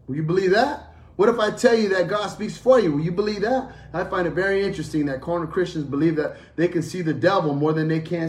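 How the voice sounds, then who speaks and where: A man preaching a sermon as a pastor, emphatic and repetitive, moving between loud calls and quieter storytelling. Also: fairly high pitch, echoey room.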